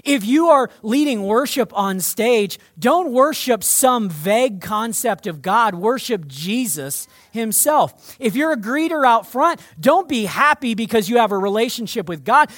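A male pastor delivering a sermon to his church in an emphatic, energetic way. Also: very high voice, dry recording, clean studio sound.

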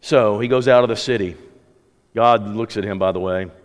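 A man's voice: lowish voice, moderate pace. A man preaching a sermon, conversational at times and rising to impassioned exhortation. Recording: long hall reverb.

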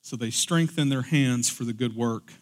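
A male pastor preaching in a church. His voice sits at an ordinary middle pitch. He talks in a casual, chatty way and then climbs to loud, emphatic peaks. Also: normal speed. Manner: conversational, building to emphatic peaks. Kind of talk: sermon.

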